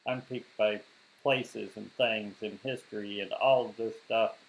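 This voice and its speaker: A man from Western South Dakota in a casual podcast chat, thoughtful and halting, restarting his sentences. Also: on the low side, steady tone, vocal fry, slight background noise, rough recording.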